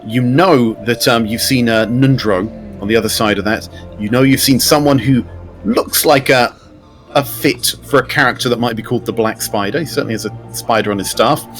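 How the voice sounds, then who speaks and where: A man's voice: medium pitch, moderate pace, fairly bright tone, soft background music. A man running a tabletop game as game master, describing scenes in an easygoing way and asking the players what they do.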